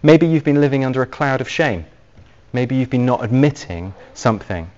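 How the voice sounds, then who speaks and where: A man preaching an evangelistic sermon, speaking earnestly and gently as he leads into a quiet prayer. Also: medium pitch, expressive, normal speed, a little hiss or hum. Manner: earnest and gentle, softly paced appeals. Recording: dull lo-fi recording.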